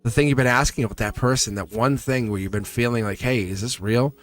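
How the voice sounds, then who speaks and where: A man's voice: medium pitch, fast. Man, live tarot reading, rambling and earnest, laughs a lot, faint music behind. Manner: rambling and earnest, laughs often, acts out quoted lines. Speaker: tarot reader. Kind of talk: live tarot reading, casual spiritual talk.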